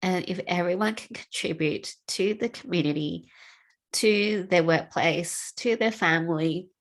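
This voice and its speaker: A woman speaks in an unhurried, lower voice, sharing personal reflections with sincere feeling. She talks slowly and earnestly, pausing to sigh between thoughts. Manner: emotional, tearful at times, with sighs and laughs; slow and reflective. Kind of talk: heartfelt personal talk.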